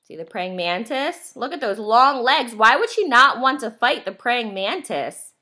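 Woman, teacher, read-aloud for young kids, slow, lively pitch, bright voice, asks questions.

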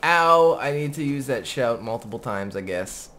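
Excitable, foul-mouthed gaming man. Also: mid-range voice, normal speed, noisy background. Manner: profane, excitable, joking. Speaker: gameplay commentator. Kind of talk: casual gameplay commentary.

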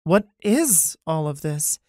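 A man voicing a determined young woman who leads her people, steady and reassuring. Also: on the high side, takes it slowly, dry recording, studio quality, voice pushed up. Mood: puzzled.

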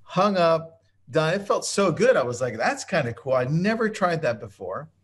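A man's voice: a little high, very animated, normal speed, fairly bright tone, breathy edge. A man co-hosting a webinar in casual chat, upbeat and enthusiastic as he tells stories. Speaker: webinar co-host.

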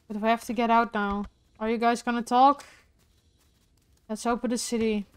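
A young woman playing through a game's ending, tearful and heartfelt, talking softly to the game and her viewers. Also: a little high, little pitch movement, moderate pace, long pauses, clear, resonant tone. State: teary from crying. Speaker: gaming streamer. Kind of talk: emotional let's-play commentary.

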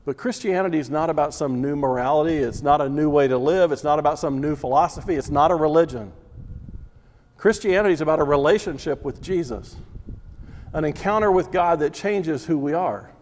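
A man's voice: a little high, fairly quick, darkish tone. A man teaching a Bible class as a sermon, preaching emphatically with repeated phrases and rhetorical questions. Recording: long reverb of a large hall.

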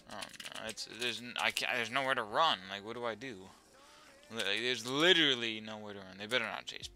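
A young man at home giving excitable, swearing commentary over his own gameplay, now and then yelling at his dog. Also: medium pitch, brisk. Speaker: gaming YouTuber.

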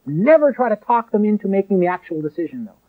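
A man preaching a sermon in an emphatic way, with sharp rises and drops. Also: high-pitched, big pitch swings, quick pace. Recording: tinny phone-like lo-fi recording.

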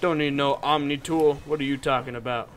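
A young man commenting on a game he is playing, with loud, jokey, excitable reactions. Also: mid-range voice, brisk, a little hiss or hum. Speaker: gaming channel host. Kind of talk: let's play commentary.

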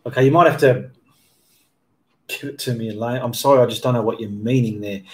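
Answering live chat for his painting channel, a man reads comments aloud and responds in a meandering, self-correcting manner, often stopping mid-sentence to fix himself. His mid-range voice is brisk, broken by long pauses.

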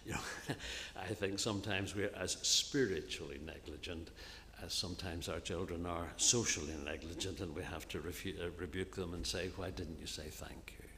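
A man with a lowish voice delivers an earnest sermon, sometimes sinking to a near whisper. The sound rings out with the long reverb of a church, and a faint hum of ambience sits behind him. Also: steady tone, moderate pace. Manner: earnest preaching, often soft and hushed on key phrases. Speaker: minister preaching.

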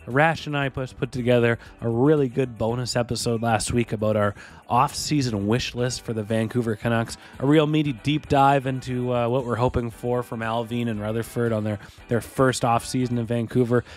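A man hosts a podcast in a relaxed, chatty way. His voice sits mid-range and he slips into other people's voices as he tells stories. Faint music plays under him. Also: mid-range voice. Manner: animated storyteller, acts out voices. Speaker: podcast host. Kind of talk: casual chat and show plugs.

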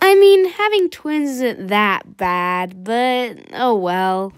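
A woman's voice: fairly high pitch, expressive, slow, soft background music. A woman hosting a casual toy unboxing vlog, chatty and bubbly, laughing at herself now and then. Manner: bubbly and chatty, giggly asides. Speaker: toy reviewer.

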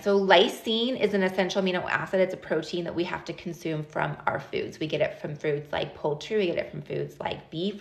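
A woman's voice: on the low side, creaky. Chatty woman host in an echoey room. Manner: chatty, animated, talks straight to viewers. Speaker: host of a live stream. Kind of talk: casual live-stream talk.

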